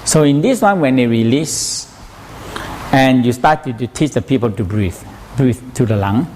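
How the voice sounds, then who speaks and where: Brief: male instructor, broken English, mid pitch, faint noise behind. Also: lively intonation, moderate pace, darkish tone. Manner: broken English, repeats phrases, asks "you know?". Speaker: teacher. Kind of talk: teaching a massage workshop.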